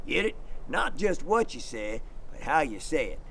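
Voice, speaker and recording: A middle-aged man giving an outdoor dog sledding demonstration for kids, telling stories and acting out the shouted commands. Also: fairly high pitch, moderate pace, creaky, a little hiss or hum. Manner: animated storyteller, acts out shouted commands.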